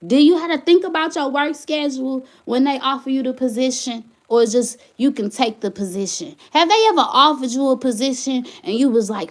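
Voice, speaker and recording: A young woman livestreaming to her chat from her phone, venting indignantly and getting loud as she complains. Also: sits high, a little fast, few pauses. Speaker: vlogger, single mother.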